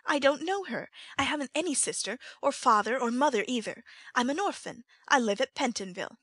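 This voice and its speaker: Brief: a scared little boy, much higher voice, alarmed cries, played by a woman. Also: lively intonation, a little fast, fairly bright tone, husky, no room sound, exaggerated voice. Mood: desperate. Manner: high, alarmed protests. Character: frightened young orphan boy.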